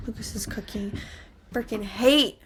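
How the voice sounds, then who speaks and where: A woman's voice: mid-range voice, measured pace, noisy background. A young adult woman co-hosting a podcast, telling a story in casual chat, acting out quotes and saying "like" often. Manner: animated storyteller, acts out quotes, many "like" fillers. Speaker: podcast co-host.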